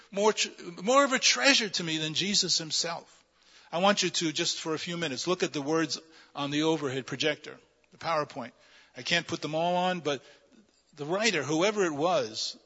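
A man's voice: high-pitched, bright, forceful tone, slightly rough, big-room sound, dull audio. A man preaching a sermon, asking the congregation rhetorical questions and building to fervent, emphatic peaks. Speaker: pastor.

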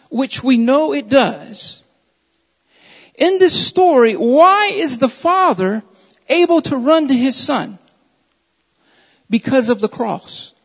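Man, very high voice, preacher, emphatic repetitive sermon, long echoing hall, muffled lo-fi sound. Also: fairly bright tone. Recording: dull audio with long hall reverb.

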